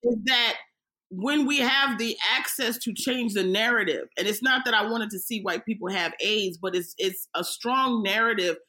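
A woman comedian from the United States talking casually on a podcast, telling animated stories with quick impressions. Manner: animated storytelling, bursts into high mock-wailing impressions. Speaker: comedian guest.

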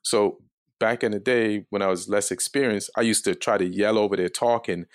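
Speaking at normal speed, a low-voiced man, a comedian guest, relaxes into a casual story. His delivery is calm and largely monotone, captured close and dry with no room sound.

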